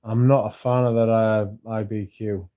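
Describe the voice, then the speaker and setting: A man's voice: on the low side, little pitch movement, moderate pace, dark tone. A man hosting a casual livestream, rambling through stories and reading out viewer comments to answer them, swearing now and then. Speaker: livestream host.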